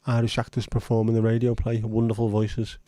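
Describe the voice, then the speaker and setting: Male livestream host, rambling and blunt, mellow low voice, dry close sound. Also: completely flat delivery, fairly quick, no echo. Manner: rambling, chatty, blunt with occasional swearing. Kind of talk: casual livestream chat.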